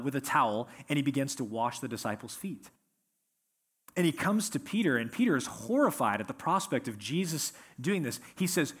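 Man, pastor, sermon, husky voice, earnest, emphatic. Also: mid-range voice. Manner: earnest, emphatic preaching with slowed stresses.

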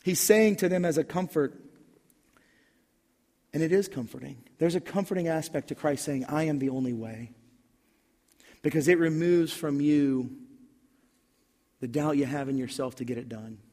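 A pastor preaching his sermon in a relaxed, conversational way that rises into emphatic bursts. His voice sits a little high for a man. It rings out with the long reverb of a church hall. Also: moderate pace, long pauses.

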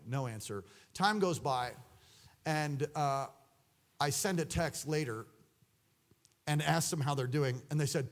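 A man preaching a sermon, swinging between loud exclamations and hushed asides. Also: on the high side, measured pace, pauses often.

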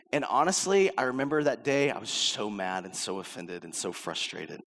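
A man's voice: on the low side, normal speed, few pauses, a bit bright. Middle-aged male pastor, casual storytelling sermon, acts out quotes, long hall reverb. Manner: conversational preaching, acts out quotes.

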